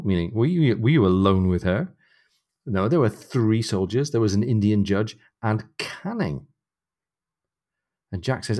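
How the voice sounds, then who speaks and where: Man, podcast co-host, book discussion, low voice, retells the plot. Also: expressive, moderate pace, darkish tone. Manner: retells the plot and reads passages aloud.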